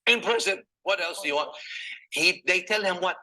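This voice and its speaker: A male preacher with a high voice delivers a sermon and retells old stories. He slips Arabic scripture recitation between his English explanations. He keeps turning to his listeners with rhetorical questions, and his tone is very bright and sharp. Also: normal speed, low-quality recording. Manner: asks the audience rhetorical questions.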